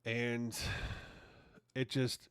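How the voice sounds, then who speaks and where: A man's voice: mid-range voice, monotone, extremely slow, clean tone, no echo, studio quality. A man hosting his own podcast, ranting casually and swearing often in an exasperated way. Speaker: podcast host. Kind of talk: casual opinion monologue.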